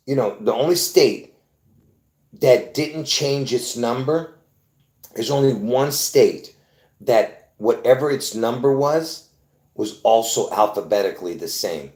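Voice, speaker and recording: A man's voice: medium pitch, animated, takes it slowly, darkish tone. Insistent rambling man in an echoey room. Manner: repetitive, insistent, many restarts and fillers. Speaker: video host. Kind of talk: rambling explanation to viewers.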